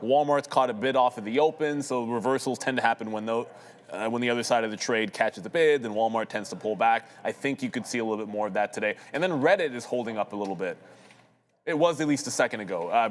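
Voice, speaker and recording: Casual man calling live trades, echoey room. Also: mid-range voice. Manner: quick, casual, thinks aloud with restarts. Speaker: day trader co-host. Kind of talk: live market commentary. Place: trading floor studio.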